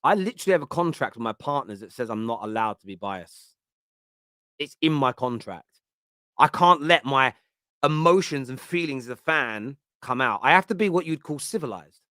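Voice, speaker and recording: A man's voice: medium pitch, lively intonation, normal speed, pushed and bright, no echo, clean studio sound. A man, hosting a casual football chat show in a joking, rambling way with many fillers. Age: 30s. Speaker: host.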